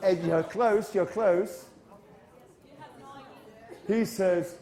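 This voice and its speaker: In a university hall, a British man runs an English-teaching workshop, drilling a big audience with quick asides and animated self-corrections. His voice sits high, and some chatter can be heard behind him.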